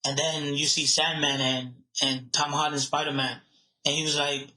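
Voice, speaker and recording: A man co-hosting a casual podcast talks in a high, bright voice. He tells stories excitedly and often restarts his sentences. The room adds a noticeable echo. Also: normal speed. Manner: animated, excitable storytelling with repeated restarts. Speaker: podcast co-host. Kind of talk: casual chat. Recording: roomy echo.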